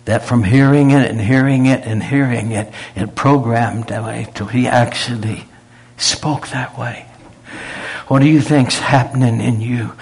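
Gravelly, husky-voiced preacher. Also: male voice, medium pitch. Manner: folksy, conversational, rising to emphatic. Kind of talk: sermon with storytelling.

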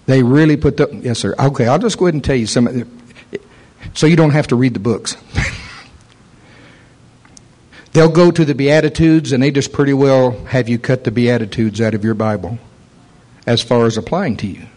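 A man's voice: medium pitch, normal speed, pauses often, poor audio. A man preaching a sermon, telling a story and acting out the voices in it. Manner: animated storyteller, acts out voices.

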